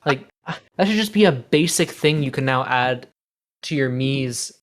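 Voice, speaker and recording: A man's voice: medium pitch, expressive, unhurried, fairly bright tone. A man co-hosting a casual gaming podcast, laughing often and trailing off mid-sentence. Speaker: podcast co-host.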